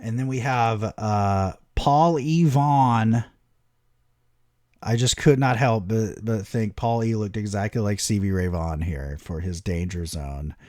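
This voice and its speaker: A young adult man co-hosting a casual podcast chat, telling stories in an animated, profane way. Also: fairly low pitch, unhurried, no room sound, studio quality. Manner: animated, profane storytelling with voices. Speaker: podcast co-host.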